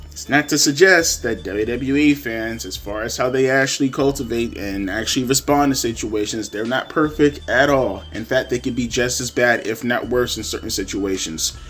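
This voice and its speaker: A man's voice: mid-range voice, fairly bright tone. Profane ranting man, music underneath. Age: young adult. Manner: profane, repetitive, mocking voices. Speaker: wrestling commentary vlogger. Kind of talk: ranting commentary.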